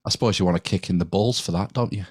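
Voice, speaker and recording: A man's voice: low voice, rapid-fire, a little mellow, no echo, clean studio sound. British man doing a scornful, bossy dominatrix. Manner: bossy, contemptuous barking of orders. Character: brash scornful woman dominatrix.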